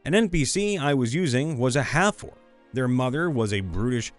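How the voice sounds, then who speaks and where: A man's voice: medium pitch, animated, normal speed, faint music behind. A man, a voice actor, reading fan stories in a playful, upbeat, goofy way. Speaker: voice actor and story narrator.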